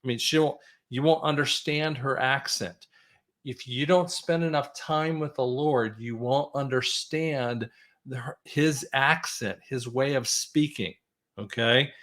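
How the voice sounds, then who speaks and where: Slow emphatic preaching man. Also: mid-range voice, a bit bright. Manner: emphatic, repeats "I'm telling you". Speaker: host. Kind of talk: preaching-style talk.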